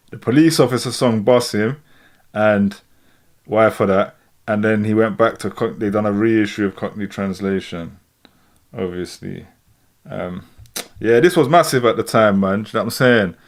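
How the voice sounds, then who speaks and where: A man hosting a livestream, reacting to records in a laid-back, slangy way. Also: on the low side. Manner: laid-back, slangy, often adds "do you know what I'm saying". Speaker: host of a music reaction livestream. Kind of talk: casual live reaction commentary.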